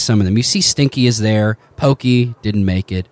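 A man narrating as game master in a tabletop game, halting with many fillers. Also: fairly low pitch, a little mellow, no room sound.

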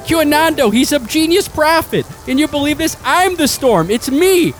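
A man voicing a massive, boastful storm spirit in a squealing high voice during a tabletop game. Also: expressive, moderate pace, soft background music. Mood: giddy. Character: giant gleeful male storm spirit, boastful.

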